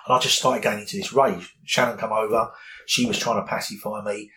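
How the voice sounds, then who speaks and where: A middle-aged man speaks with a slightly low pitch. He tells a personal story in an interview, candid and rambling, full of fillers and restarts. A faint ambient noise sits behind his voice. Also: steady tone, brisk, pushed and bright, low-quality recording.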